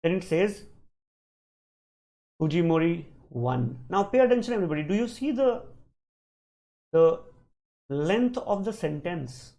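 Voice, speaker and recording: A man's voice: high-pitched, animated, normal speed, pauses often, mellow, rough recording. A man teaching a live online reading lesson, questioning his students and repeating points for emphasis. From India. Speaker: online exam-prep teacher.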